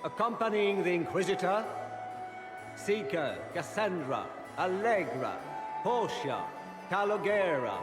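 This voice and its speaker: Pompous court herald, video game, high declaiming voice, echoey hall, loud music. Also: male voice, very animated, measured pace. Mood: grand. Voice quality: formal, declaiming. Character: pompous male court herald announcing guests.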